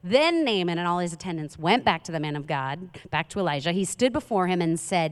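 A woman preaching a sermon, telling a Bible story in a conversational, animated way with frequent asides to the congregation. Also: fairly low pitch, brisk, few pauses. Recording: long reverb of a large hall.

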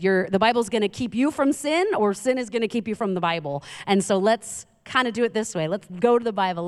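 A woman preaching a sermon, telling a Bible story in a conversational, animated way with frequent asides to the congregation. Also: on the low side, smooth. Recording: long reverb of a large hall.

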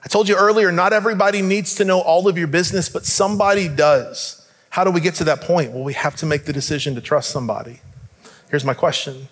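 Pastor, male, high-pitched, conversational preaching style with direct questions, hall reverb. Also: steady tone, quick pace, fairly bright tone. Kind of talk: sermon.

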